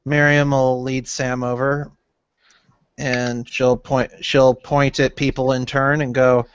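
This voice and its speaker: A man's voice: medium pitch, flat delivery, slow pace, clean tone, dry recording. A man playing a tabletop game, describing his character's actions in a matter-of-fact way. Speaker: player. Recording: dull lo-fi recording.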